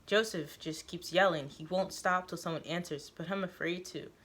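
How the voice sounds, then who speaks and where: A woman reading a first-person story aloud, halting now and then with fillers and self-corrections. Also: lowish voice, a bit bright, slight background noise. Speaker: reader of a story.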